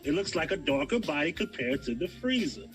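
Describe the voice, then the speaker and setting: A man's voice: fairly high pitch, very animated, fairly quick, a bit bright, soft background music, low-quality recording. A man, arguing a theory as a guest on a livestream and insisting on finishing his point. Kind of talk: heated debate on a livestream.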